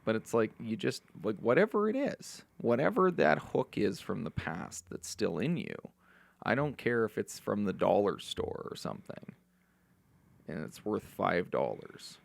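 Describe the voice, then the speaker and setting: A man guesting on a podcast gives advice in a relaxed, meandering way, often restarting his sentences. His voice is very deep and heavily gravelly, yet his pitch moves with lively swings. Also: unhurried. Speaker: podcast guest, recovery mentor. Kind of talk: reflective conversational advice.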